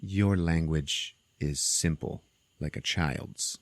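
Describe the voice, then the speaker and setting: Guy putting on a deep slow mummy queen, casually menacing, dry mic. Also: dry recording, exaggerated voice. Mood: coolly menacing. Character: cold, seductive ancient female mummy.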